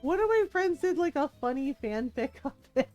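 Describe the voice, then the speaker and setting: A chatty woman streams a game from home, giggling as she tells stories and acts out reactions. Her voice sits fairly high, and soft game music plays faintly under her talk. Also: animated, normal speed, lo-fi sound. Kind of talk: casual live-stream chat.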